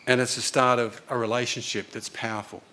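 A man's voice: medium pitch, little pitch movement, fairly quick, bright, forceful tone, a little hiss or hum. Earnest man preaching a sermon. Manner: conversational storytelling, earnest.

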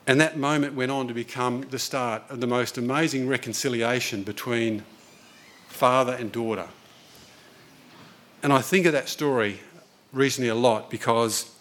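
A man's voice: mid-range voice, fairly bright tone. A man preaching a sermon, telling a story in an earnest, conversational way.

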